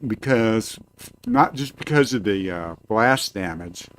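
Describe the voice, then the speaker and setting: A man's voice: fairly low pitch, animated, takes it slowly, a bit bright. A man hosting a live-stream radio show from a cabin, rambling casually with lots of filler and swearing. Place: cabin, indoors.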